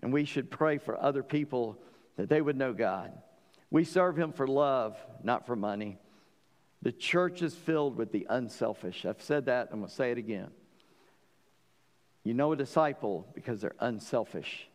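A man's voice: medium pitch, lively intonation, moderate pace, big-room sound. A man preaching a sermon as pastor. He talks earnestly, often stumbles and restarts, and builds to emphatic peaks.

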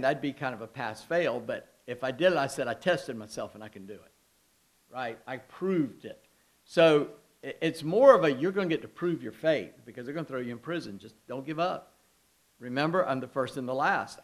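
A man, a pastor giving a conversational sermon full of personal stories, self-deprecating humor and frequent asides. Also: mid-range voice.

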